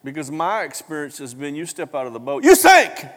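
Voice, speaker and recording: A man preaching a sermon, telling the story with animated acted-out voices and big jumps in pitch, coughing now and then. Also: quick pace. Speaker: pastor. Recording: long hall reverb.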